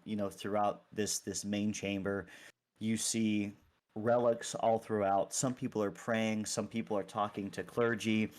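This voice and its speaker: Dude running a tabletop game, lowish voice, stumbles over words a lot, laughs easy. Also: male voice, darkish tone. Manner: hesitant, many restarts, laughs easily. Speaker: game master.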